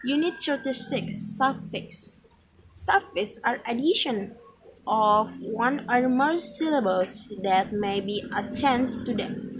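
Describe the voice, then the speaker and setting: A woman reads a pronunciation lesson aloud, very slowly and with a somewhat high voice. She stumbles now and then and goes back to fix words. A faint hiss sits under her voice. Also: low-quality recording. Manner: slow, careful reading with slips and restarts. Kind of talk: reading a textbook aloud.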